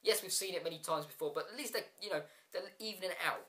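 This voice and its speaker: A man's voice: high voice, rapid-fire, bright, forceful tone. A man giving a casual solo review vlog, frustrated and ranting, with many ums and restarts and sarcastic asides. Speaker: wrestling show reviewer.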